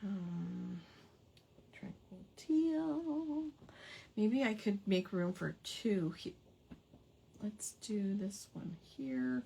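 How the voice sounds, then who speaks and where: A woman's voice: mid-range voice, slow pace, vocal fry, mellow, a little hiss or hum. A woman hosting a casual craft hangout, chatty and playful, savoring quirky old words with giggles. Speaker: craft livestream host.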